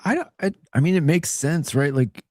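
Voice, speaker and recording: A man in casual chat on a toy livestream, speaking in a measured, slightly hesitant way. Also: a little high, lively intonation, darkish tone, dry recording, clean studio sound. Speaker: toy collecting livestream co-host.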